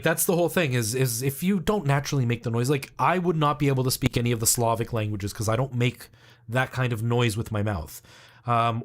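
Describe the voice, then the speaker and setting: Canadian guy in his 30s streaming, chatty and rambly, lots of ums, mid pitch. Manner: rambling, explaining with many ums and likes. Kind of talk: casual live-stream chat.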